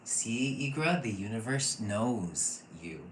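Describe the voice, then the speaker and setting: Gushing low-voiced man, echoey room. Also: takes it slowly. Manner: gushing and excitable, laughs often. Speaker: intuitive reading teacher. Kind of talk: casual online class. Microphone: computer mic, off camera. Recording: echoey room with faint noise.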